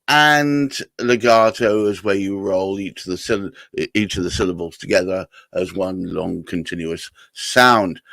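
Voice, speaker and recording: Male live-stream host, measured and explanatory, dry recording. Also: fairly low pitch, creaky, fairly bright tone, no room sound. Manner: explanatory, careful, leading questions.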